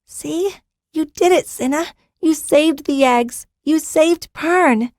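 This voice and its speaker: An eager young girl bubbles with excitement in a high, bright voice, as a woman reads her part. Dry and close, the audiobook keeps the voice upfront. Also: slow, no echo. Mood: happy. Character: eager, cheerful young girl dragon rider.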